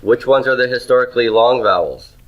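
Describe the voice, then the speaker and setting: A man's voice: medium pitch, a little fast, highs cut off. A man teaching Hebrew grammar in a classroom lecture, asking questions and answering them himself.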